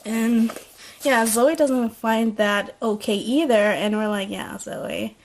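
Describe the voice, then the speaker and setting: A woman's voice: fairly high pitch, steady tone, slow pace. Chatty young woman, rambling, filler-heavy. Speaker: YouTuber recapping a TV show. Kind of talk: casual chatty recap. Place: at home.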